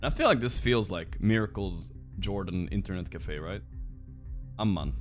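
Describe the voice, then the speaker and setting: A man streaming a game, chatting casually with his viewers, swearing freely and reacting out loud. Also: on the low side, big pitch swings, normal speed, faint music behind. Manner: swears freely, reacts loudly, talks to chat. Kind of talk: casual livestream chat while gaming.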